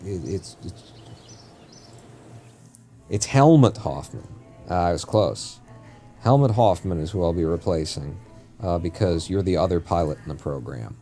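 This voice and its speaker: Low-voiced guy streaming a game, rambly and jokey, keeps fixing what he just said, bit of music in the back. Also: lively intonation, a little slow, pauses often, dark tone. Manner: rambling, jokey, often corrects himself mid-sentence. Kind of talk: casual live-stream chat while playing.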